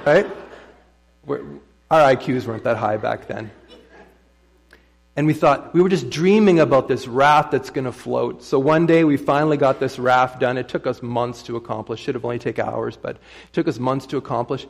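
Middle-aged male pastor, gravelly voice, folksy storytelling sermon, chatty asides to the room. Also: medium pitch, normal speed. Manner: folksy, conversational, asks the audience rhetorical questions. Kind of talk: sermon with personal stories.

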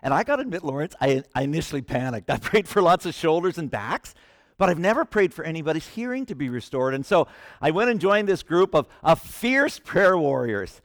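A man preaching a sermon with passion, swinging from hushed lines to shouting. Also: a little high, sing-song, fairly quick, no room sound, studio quality.

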